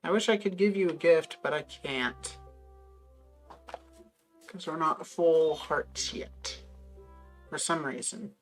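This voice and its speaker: A woman's voice: deep voice, slow, long pauses, faint music behind. A woman streaming a farming game, chatting casually with wry, muttered asides. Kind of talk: casual gameplay chat.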